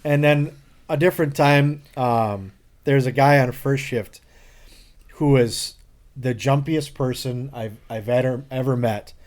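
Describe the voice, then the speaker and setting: A Wisconsin man co-hosting a casual podcast, telling a prank story to his friends. His voice sits at an ordinary middle pitch for a man. He tells it in an animated way and jumps into other people's lines with laughter. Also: unhurried. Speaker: podcast co-host.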